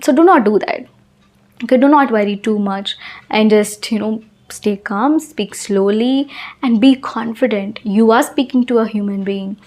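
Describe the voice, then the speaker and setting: Woman w a slightly high voice, earnest little coaching talk, says stuff twice to drive it home. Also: darkish tone. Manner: earnest, repeats points for emphasis. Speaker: English-speaking coach. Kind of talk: motivational talk to camera.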